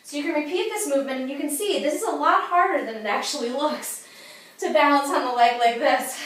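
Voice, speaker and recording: Breathless high-voiced woman fitness instructor. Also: a little fast. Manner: upbeat, coaching, says "okay?" and "you guys" often. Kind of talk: exercise demonstration. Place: at home. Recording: echoey room from far off.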